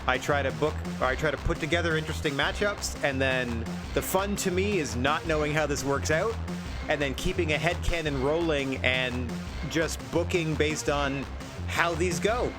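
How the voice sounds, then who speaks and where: A man's voice: on the high side, moderate pace, music in the background. A man streaming a wrestling management game, chatting casually in a rambling, self-deprecating way. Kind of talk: casual gameplay commentary.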